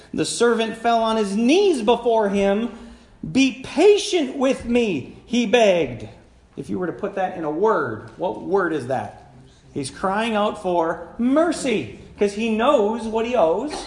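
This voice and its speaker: A man's voice: high voice, darkish tone, reverberant. A man preaching a sermon as pastor, talking conversationally and putting questions to the congregation. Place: church sanctuary.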